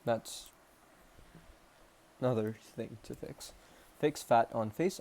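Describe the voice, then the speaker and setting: In a laid-back self-improvement vlog, a young man with a Canadian accent talks slowly and ramblingly at a middle pitch with a dark tone. Self-mocking, he keeps restarting and trailing off into pauses, and there's a slight hiss or hum.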